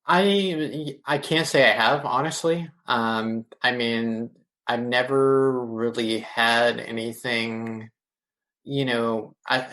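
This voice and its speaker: A man who is a podcast guest, telling a vivid first-person story in a casual interview and filling pauses with "you know". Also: medium pitch, steady tone, a bit bright. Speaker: podcast guest, ghost tour guide.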